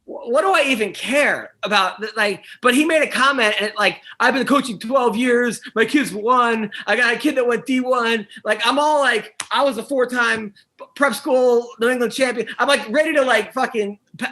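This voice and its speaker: A man who coaches wrestling, co-hosting a casual podcast chat in a rambling way that gets animated when he is annoyed. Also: very high voice, moderate pace. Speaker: podcast co-host.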